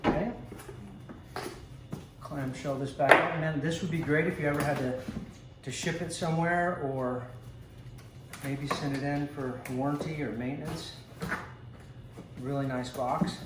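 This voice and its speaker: A relaxed man talks his way through an unboxing at home, rambling with ums and little asides, his voice a bit higher than most. He sits back from the mic in an echoey room. A steady hiss of noise runs under him. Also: a little slow, pauses often. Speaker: vlogger unboxing a coffee maker. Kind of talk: casual unboxing commentary. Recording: echoey room, distant mic, noisy background.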